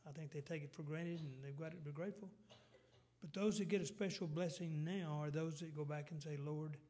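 A middle-aged man, preaching a folksy sermon with halting restarts. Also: a little high, steady tone, darkish tone.

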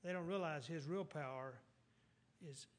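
A man's voice: on the high side, normal speed. A man preaching a sermon in a church, reading scripture and retelling it in plain, folksy talk.

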